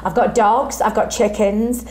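A woman, an actress, answering questions on a chat show in a warm, rambling way with many restarts. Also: mid-range voice, steady tone, measured pace. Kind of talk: casual interview chat.

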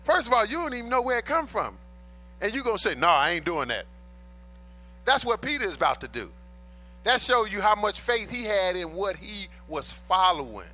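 A man's voice: high-pitched, very animated, a little fast, pushed and bright. A man preaching a sermon in an emphatic, colloquial way, repeating his key points and addressing the congregation as brothers and sisters. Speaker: pastor.

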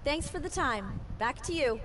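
An actress playing a professional backstage wrestling interviewer in a video game, with a smooth, measured delivery. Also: female voice, high-pitched, lively intonation, fairly bright tone, a little hiss or hum. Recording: game audio heard from afar.

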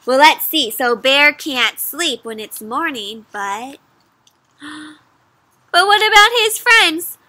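A woman giving an interactive read-aloud for children, animated, with gasps and questions to her young listeners. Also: sits high, no room sound. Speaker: children's storyteller.

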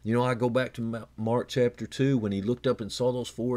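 A man's voice: moderate pace, hardly any pauses. A man preaching a radio sermon as a pastor, earnest and conversational, with frequent restarts and repeated words. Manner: earnest, repeats words and restarts, rises in pitch for emphasis then drops low and quiet.

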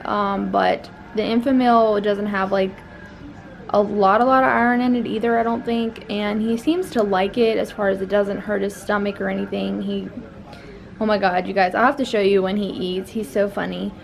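A woman's voice: mid-range voice, level tone, normal speed, vocal fry. A young woman, a new mother, chatting casually to her vlog camera, rambling with many fillers.

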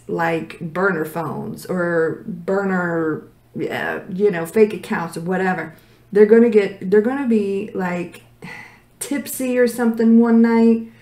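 A woman's voice: medium pitch, dark tone. A woman doing a casual tarot reading who is losing her voice, direct, blunt and emphatic. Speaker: tarot reader. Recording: echoey room.

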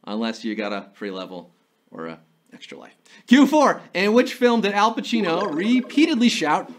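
A man's voice: sits high, huge pitch swings, normal speed, faint music behind. A man hosting a live trivia game show, reading questions with playful jokes and theatrical asides. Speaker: quiz show host.

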